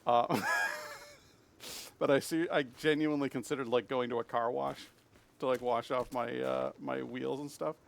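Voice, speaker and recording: A man's voice: medium pitch, fairly even intonation, measured pace, vocal fry, a little hiss or hum. A man streaming a video game live, telling rambling anecdotes and swearing freely at the game. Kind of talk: live gameplay commentary and storytelling.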